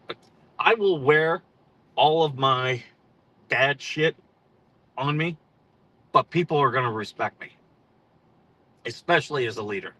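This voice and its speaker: Bright-voiced blunt ex-Marine man. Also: medium pitch, a little slow, long pauses. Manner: blunt and profane, laughs easily. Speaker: podcast host and former Marine officer. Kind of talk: casual storytelling livestream.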